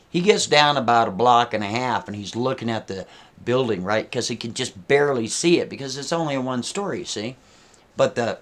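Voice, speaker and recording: A man telling a story casually, talking straight to his listeners with frequent asides. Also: fairly low pitch. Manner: conversational, addressing listeners with asides.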